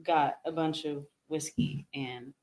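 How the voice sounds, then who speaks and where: A woman's voice: low voice, steady tone, slow, a little mellow. A woman guest on a casual podcast, making brief, laid-back remarks.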